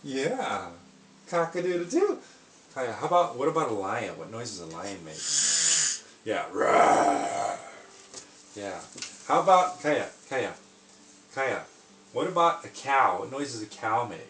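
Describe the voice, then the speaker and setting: Mom-type woman doing baby talk at home, low voice, echoey room, faint hiss. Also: sing-song, moderate pace, fairly bright tone. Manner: coaxing sing-song baby talk with playful animal sounds. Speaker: parent. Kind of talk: talking to a toddler.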